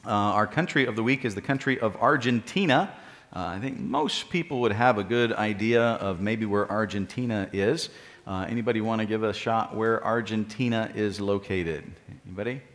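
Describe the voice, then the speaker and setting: Low-voiced pastor in a reverberant church. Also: male voice. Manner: halting, with frequent "uh" fillers; encouraging, praising children after they recite. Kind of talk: church announcements. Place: church sanctuary. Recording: live-streamed church service with long hall reverb.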